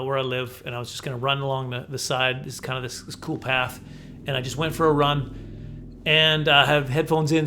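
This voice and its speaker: A man tells a funny story straight to the camera. His voice sits a bit high for a man, and he rambles, corrects himself and laughs as he goes. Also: bright, forceful tone, slight background noise. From Canada. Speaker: comedian vlogger.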